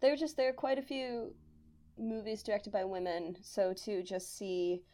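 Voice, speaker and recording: A woman's voice: mid-range voice, normal speed. A woman co-hosting a podcast, talking films casually with lots of "like" and frequent laughter. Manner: animated, laughing, uses "like" often. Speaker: podcast co-host. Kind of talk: casual film chat.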